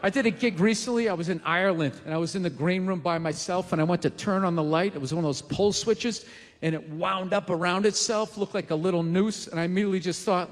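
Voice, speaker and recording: A man's voice: high voice, expressive, fairly quick, sharp tone, slight background noise. A man in his forties doing a profane, exasperated stand-up rant on a big theater stage, with the audience laughing. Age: 40s. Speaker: stand-up comedian. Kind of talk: stand-up routine. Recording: live theater with long reverb.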